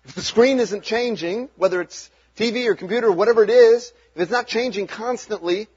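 Man, pastor, sermon, high voice, husky, conversational, earnest, muffled lo-fi sound. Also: a little fast. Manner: conversational, earnest, chuckles between points.

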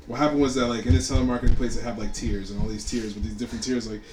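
A man's voice: medium pitch, flat delivery, rapid-fire, music in the background, rough recording. A man co-hosting a podcast, telling a story in casual chat, rambling with many fillers. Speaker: podcast co-host.

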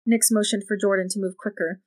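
A woman narrating a novel in an even, measured storytelling voice. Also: mid-range voice. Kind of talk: audiobook narration.

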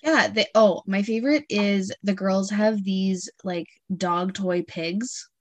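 Animated mom telling stories, dry close sound. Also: female voice, medium pitch, slow, no echo. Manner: animated storytelling, acts out her kids' voices. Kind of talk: casual chat.

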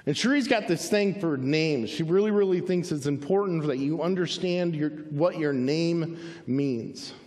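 Storytelling pastor in a reverberant church. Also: male voice, a little high, a little slow. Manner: animated, acts out the voices in his story. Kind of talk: sermon storytelling. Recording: long reverb of a large hall.

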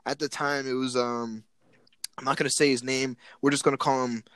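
A young man casually telling a story, animated and excited, repeating words and acting out what people said. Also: medium pitch, fairly quick, clean tone, dry recording.

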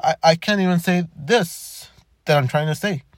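A young man talking candidly in a halting way, with many stammered restarts. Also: a little high, no room sound, studio quality. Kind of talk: personal reflective monologue.

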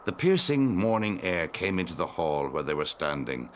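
A man narrating classic fiction as an audiobook, in an expressive, measured storytelling manner. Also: low voice, slight background noise.

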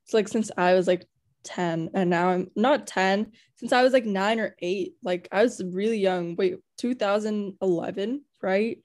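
A young woman chats on a podcast in a warm, mellow voice. She rambles and gushes, filling her talk with "like" and restarts. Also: mid-range voice, normal speed. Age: young adult. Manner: rambling and gushing, heavy use of "like". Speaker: podcast co-host. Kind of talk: casual chat.

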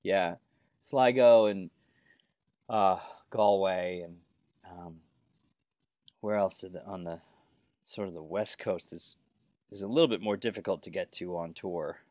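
Musician guest from New York. Low, relaxed, rambling delivery with a dry sound. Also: male voice, measured pace, pauses often, no room sound. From New York, USA. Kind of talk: casual interview chat.

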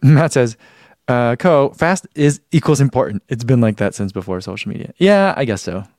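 Gravelly-voiced man chatting on a live stream. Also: medium pitch, lively intonation, moderate pace, darkish tone, no room sound, studio quality. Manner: rambling, self-deprecating, laughs often. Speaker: running YouTuber hosting a live stream. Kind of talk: casual live-stream chat reading comments.

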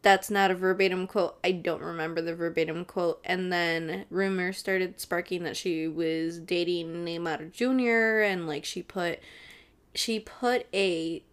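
A woman's voice: fairly low pitch, fairly even intonation, measured pace, smooth. A young woman hosting a casual solo podcast, chatty and blunt, and she swears freely. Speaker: podcast host.

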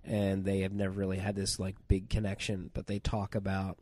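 A man with a cold chatting on a podcast, rambling excitedly with lots of fillers and restarts. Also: low voice, brisk, no room sound, studio quality. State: has a cold, on cold medicine. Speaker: podcast co-host. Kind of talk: casual chat.

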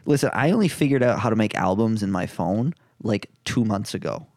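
A man's voice: fairly low pitch, animated, a little fast, a little mellow, no echo. A young man co-hosting a podcast in casual chat, teasing his co-host and asking questions. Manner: teasing, jokey, asks questions.

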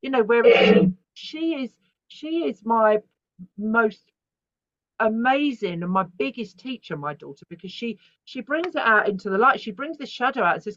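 A woman's voice: fairly high pitch, animated, moderate pace, fairly bright tone, no echo. A middle-aged woman talking as an artist guest in an interview, telling stories frankly and animatedly with the odd swear word. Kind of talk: candid interview conversation. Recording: dry, dull lo-fi sound.

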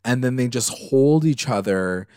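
A man's voice: medium pitch, unhurried, clear, resonant tone, no room sound, clean studio sound. A man co-hosting a podcast, chatting casually as he recaps a TV episode, with lots of fillers and emotional retelling. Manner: animated, filler-heavy, retells scenes with emotion. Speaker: podcast co-host.

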